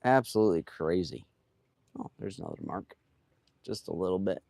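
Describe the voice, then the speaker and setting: A man's voice: deep voice, normal speed, creaky, warm tone, no room sound. A man who carves wood with a chainsaw, chatting casually on a live stream while he works, rambling and trailing off with lots of fillers.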